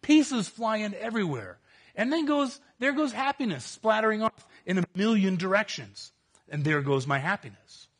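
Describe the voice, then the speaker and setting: A man preaching a sermon, earnest and emphatic, swinging between loud outbursts and quiet, low stretches. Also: expressive, moderate pace. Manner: earnest, emphatic, rising to exclamations and dropping to quiet.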